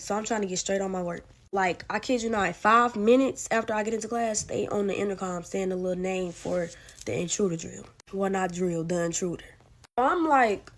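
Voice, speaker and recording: Young woman telling a storytime tale. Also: medium pitch. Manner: informal, with frequent "like" fillers and vivid retelling. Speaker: student telling her own story. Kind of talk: casual first-person storytelling.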